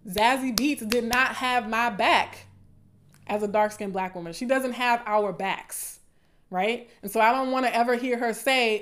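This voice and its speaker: A woman's voice: on the high side, a little slow, a bit bright. Impassioned Southern woman commentator. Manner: impassioned, emphatic, repeats phrases for stress. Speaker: video commentator. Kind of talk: casual livestream commentary.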